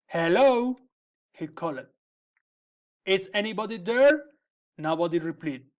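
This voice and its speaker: A man reading a children's fairy tale aloud in a gentle, measured way. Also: high voice. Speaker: storyteller. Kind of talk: storybook reading.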